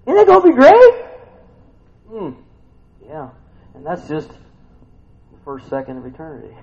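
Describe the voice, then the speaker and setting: A man preaching a sermon who swings from hushed, intimate lines to sudden excited outbursts. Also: medium pitch, creaky, muffled recording. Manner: swings from hushed to shouting bursts.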